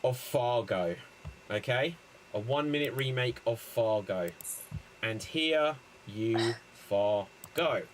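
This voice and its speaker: A man hosting an improv comedy show, breezy and jokey with quick asides. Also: medium pitch, lively intonation, slight background noise, rough recording.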